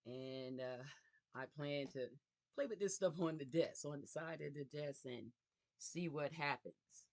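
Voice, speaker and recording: A woman hosting a casual craft livestream from her home craft room, talking slowly and reflectively to viewers. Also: low-pitched. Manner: slow, warm, reflective talk to viewers. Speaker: YouTube craft livestream host. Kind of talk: casual live vlog chat.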